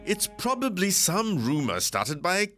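A man voicing a placid, dismissive middle-aged husband who answers his wife calmly and flatly. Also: high-pitched, a little slow, faint music behind, pitched above the performer's own voice, full character voice. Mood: unbothered. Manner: calm, unbothered, flat.

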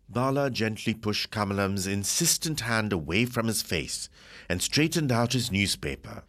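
A man narrating a story in a measured, expressive reading. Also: on the low side, no room sound.

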